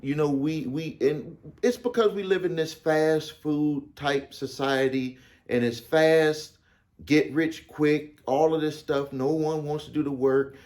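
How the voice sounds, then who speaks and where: Male business coach, slightly high voice, loose storytelling with lots of repetition. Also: steady tone, measured pace, a little mellow. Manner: repeats phrases for emphasis, restarts often. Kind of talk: casual storytelling to camera.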